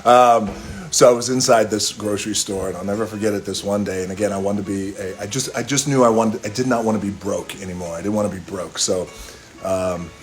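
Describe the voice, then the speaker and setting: Low-voiced man telling a rambling story. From Hawaii. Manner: relaxed, rambling anecdote with toasts and asides. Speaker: live stream host. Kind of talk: casual storytelling on a live stream. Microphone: phone live stream.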